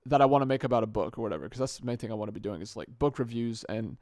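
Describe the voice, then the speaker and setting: A man's voice: mid-range voice, animated, rapid-fire, a little mellow, dry recording. Rambling young man, dry close podcast mic. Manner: rambling, often restarts and corrects himself mid-sentence. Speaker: podcast host. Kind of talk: casual solo podcast monologue. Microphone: good podcast microphone.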